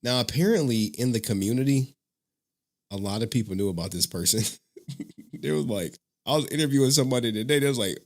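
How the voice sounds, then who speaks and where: A man's voice: medium pitch, lively intonation, fast. A man hosting a casual live stream who talks to his chat in a loose, rambling way and laughs often. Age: adult father of a young child.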